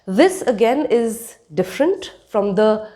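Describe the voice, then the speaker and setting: A woman's voice: on the high side, big pitch swings, slow pace, warm tone. A woman teaching a spoken lesson, demonstrating sounds and checking in with her listeners. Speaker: accent coach.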